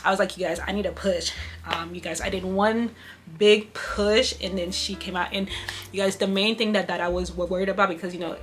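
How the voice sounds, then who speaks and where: A woman's voice: mid-range voice, steady tone, a little fast, a bit bright, soft background music. A young woman vlogger telling a personal story to her viewers in a casual, emotional way, often turning to them with "you guys.".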